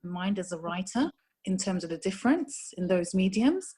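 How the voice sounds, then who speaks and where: A woman's voice: mid-range voice, very animated, normal speed, dark tone, breathy edge, poor audio. A woman asking a question in an online workshop, rephrasing tentatively. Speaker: workshop participant.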